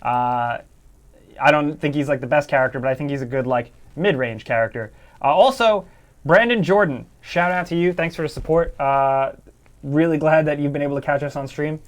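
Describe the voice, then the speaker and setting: A man's voice: fairly high pitch, normal speed. A man co-hosting a casual gaming livestream, rambling loosely with lots of fillers as he reads out viewer messages. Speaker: co-host of a gaming news stream.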